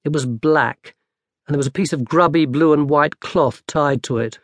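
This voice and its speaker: A man narrating an audiobook in a lively, dry storytelling manner. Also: a little high, moderate pace, dry recording. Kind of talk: scripted narration.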